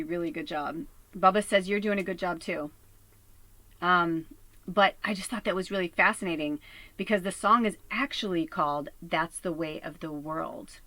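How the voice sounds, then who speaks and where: A woman's voice: fairly low pitch, a bit bright, no room sound, rough recording. A woman from Chicago, a psychic medium, telling a heated story in a casual vlog with lots of swearing and fillers. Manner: lots of fillers like "you know" and "like".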